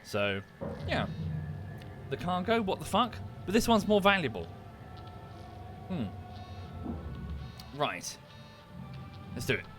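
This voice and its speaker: British man, game streamer, very animated pitch, sweary, self-interrupting, clear background music. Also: slow pace, long pauses. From United Kingdom. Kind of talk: casual gameplay commentary and chat.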